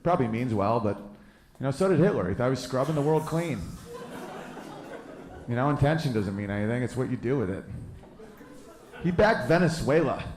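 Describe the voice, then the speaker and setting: Audience laughter fills this roomy live club recording of a man in his thirties doing brash, profane stand-up sprinkled with quick jokes on the side. His mid-range voice is animated and somewhat dark, with a little hiss or hum audible.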